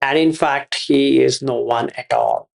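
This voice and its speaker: A man's voice: medium pitch, fairly even intonation, unhurried, creaky. A man giving a Buddhist teaching, repeating his phrases and asking rhetorical questions. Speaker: meditation teacher.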